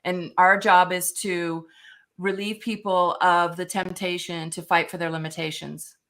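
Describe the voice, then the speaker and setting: Emphatic low-voiced woman coach. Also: level tone, measured pace, a bit bright. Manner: emphatic, confident. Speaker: guest, coach. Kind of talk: motivational talk.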